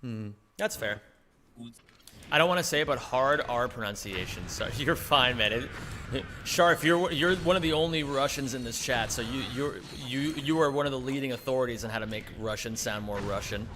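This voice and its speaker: A man's voice: mid-range voice, normal speed. A man live-streaming a speedrun, chatting casually in a joking, rambling way with playful swearing. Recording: noisy stream audio.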